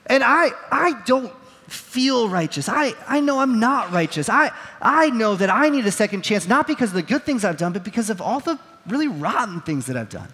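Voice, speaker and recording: A man preaching from a stage in a big hall, his voice sitting high for a man. He tells stories earnestly and pokes fun at himself, miked up. The sound trails off in a long reverb. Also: very animated, moderate pace, sharp tone. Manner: storytelling with acted quotes, earnest and self-deprecating. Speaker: pastor. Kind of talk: sermon. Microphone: wearing a microphone.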